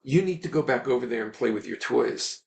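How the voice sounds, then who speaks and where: A man's voice: medium pitch, expressive, a little fast, vocal fry, roomy sound. A man voicing a busy father who firmly sends his son away so he can work. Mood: dismissive. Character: busy, distracted working father.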